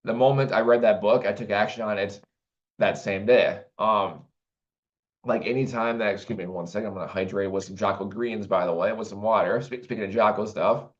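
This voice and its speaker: A man's voice: fairly low pitch, fairly even intonation, brisk. Rambling man on a dull, lo-fi recording. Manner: rambling, with many restarts and fillers. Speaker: vlogger. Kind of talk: casual monologue to camera.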